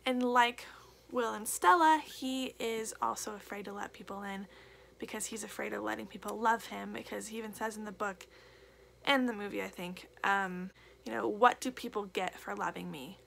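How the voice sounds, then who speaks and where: A woman's voice: medium pitch, fairly even intonation, moderate pace, gravelly, fairly bright tone, a little hiss or hum. A young woman reviewing a book in a casual vlog, gushing and emotional, repeating herself with lots of fillers.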